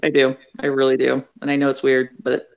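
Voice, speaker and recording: A woman's voice: extremely low pitch, monotone, a little fast, vocal fry, dull audio. A middle-aged woman author, a guest, telling chatty anecdotes and acting out the voices in them. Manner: acts out quoted voices, chatty. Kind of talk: animated storytelling in an interview.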